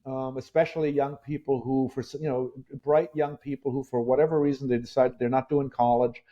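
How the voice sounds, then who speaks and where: A man's voice: medium pitch, level tone, mellow. A man in his sixties, a guest dog trainer, chatting bluntly on a podcast, swearing freely as he tells stories. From Germany. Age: 60s. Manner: blunt, profane, quick to anger. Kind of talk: casual podcast chat. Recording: dull lo-fi sound.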